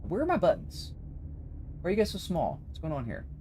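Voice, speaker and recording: A man's voice: fairly high pitch, a little fast, a little hiss or hum. A man streaming a game while casually chatting and answering viewers' messages. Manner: chatty, reads and answers chat, animated. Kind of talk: casual live-stream chat.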